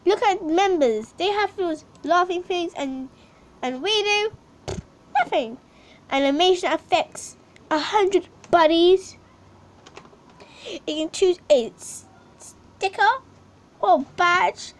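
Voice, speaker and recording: Very high-pitched female game vlogger. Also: slow pace, pauses often. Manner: pleading and complaining. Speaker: channel host. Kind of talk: casual gameplay commentary.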